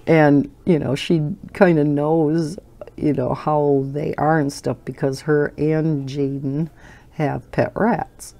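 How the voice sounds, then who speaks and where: An older woman who runs a coloring channel chats casually at home while she colors, rambling along with plenty of fillers and fond laughter. Her voice is low, steady and warm, and she takes it slowly.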